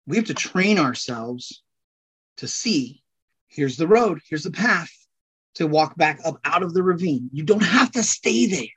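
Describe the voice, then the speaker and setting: A man with a Californian accent, talking casually as a podcast guest in an animated, rambling way with loud bursts. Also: fairly high pitch, breathy edge. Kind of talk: casual conversation.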